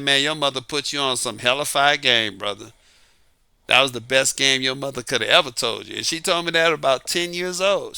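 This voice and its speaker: A man's voice: mid-range voice, creaky, sharp tone, smooth, no echo. A middle-aged man talking casually about dating, emphatic and full of rhetorical questions. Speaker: dating advice talker. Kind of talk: casual monologue.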